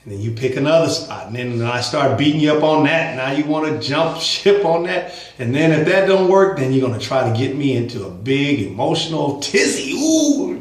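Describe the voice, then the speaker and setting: A man's voice: medium pitch, a little fast. Emphatic man vlogging in an echoey room. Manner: emphatic, chuckling asides. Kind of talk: casual religious commentary monologue.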